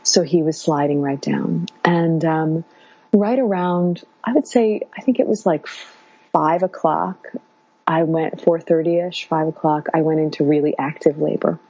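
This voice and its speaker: A woman guest telling her own story in a casual, halting way, with many fillers and restarts. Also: low voice, dark tone, highs cut off.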